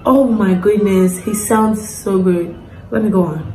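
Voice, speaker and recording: Woman reacting to a video, slow gushing exclamations, echoey room, loud music behind. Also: mid-range voice, slight background noise. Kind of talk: casual reaction commentary. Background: loud music from the clip.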